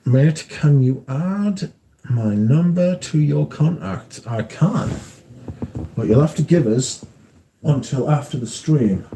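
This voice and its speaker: A man's voice: fairly high pitch, animated, slow, vocal fry, dark tone, a little hiss or hum. A British man hosting a livestream, chatting casually and reading out viewer comments, swearing freely. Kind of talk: casual chat.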